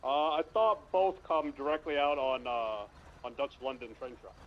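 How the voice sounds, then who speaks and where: Man, mid-pitch, halting radio talk, muffled lo-fi sound. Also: lively intonation, slight background noise. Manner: hesitant, full of uhs. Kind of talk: radio callouts in police roleplay.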